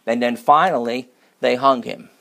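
A man preaching a sermon, moving between loud, emphatic scripture reading and hushed, near-whispered lines, with repetitive rhythmic lists. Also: medium pitch, fairly even intonation, moderate pace, vocal fry.

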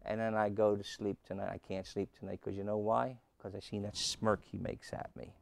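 A pastor preaching a sermon and telling a humorous story, with lots of rhetorical questions. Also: male voice, lowish voice, flat delivery, normal speed, gravelly, darkish tone. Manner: humorous, repeats key lines.

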